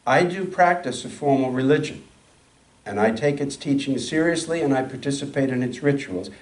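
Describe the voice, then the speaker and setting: A man giving a sermon, reading a story aloud in a slow, measured way. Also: mid-range voice, roomy sound, far from the mic, rough recording. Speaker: speaker.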